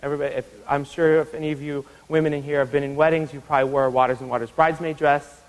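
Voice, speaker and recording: A man in his thirties from Iowa, working as a guest lecturer, talks rapid-fire in a lecture hall, where a long reverb tail trails his words on a rough recording. Giving a university lecture, he tells stories and acts out the people in them with big, animated jumps in pitch.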